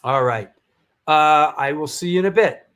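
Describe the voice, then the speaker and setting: A man's voice: a little high, moderate pace, fairly bright tone, smooth. A man hosting a live talk show, reading sponsor plugs and event listings in a loose, hyped way with frequent restarts. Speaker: show host. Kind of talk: livestream talk show chat.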